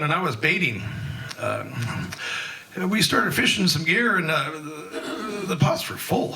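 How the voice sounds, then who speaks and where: A man's voice: fairly high pitch, gravelly, bright, forceful tone, distant mic, rough recording. A man in his sixties telling a rambling, folksy personal story at an open mic, full of fillers and restarts. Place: live event in a museum hall.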